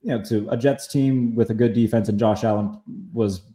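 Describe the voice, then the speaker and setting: A man hosting a casual sports talk podcast, chatty, full of fillers and quick asides. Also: mid-range voice, fairly even intonation, dark tone, roomy sound. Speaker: podcast host.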